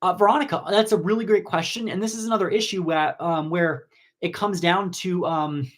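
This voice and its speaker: A man from New Jersey hosting a casual live-stream Q&A on cosmetology, chatty and rambling, with sudden excited jumps in pitch. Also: a little fast. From New Jersey, USA. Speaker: cosmetology educator and host. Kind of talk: casual live-stream Q&A reading viewer comments.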